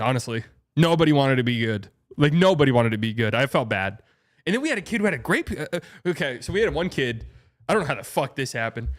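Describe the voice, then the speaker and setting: A young man hosting a casual livestream, rambling through a story, laughing often and swearing. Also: medium pitch. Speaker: streamer and show host.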